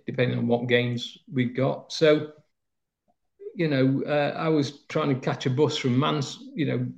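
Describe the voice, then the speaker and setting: A Nottinghamshire man looks back on his football career in a meandering, story-filled interview packed with fillers. His mid-range voice is creaky and slightly mellow, and the lo-fi recording sounds a bit dull.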